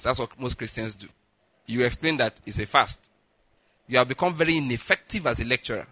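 Man, pastor, sermon, very bright forceful voice, dry close sound. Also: mid-range voice, a little fast, no room sound. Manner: lively, repeats "listen" and "all right", laughs at own jokes. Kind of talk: sermon with acted-out anecdotes.

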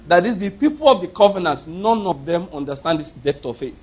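A man preaching in a husky, somewhat high voice. He works through his sermon as a string of stories and drives each point home with emphasis and repetition. He slips into the voices of the people he quotes. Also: lively intonation, brisk. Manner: emphatic storytelling preacher who acts out quoted speech. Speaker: pastor.

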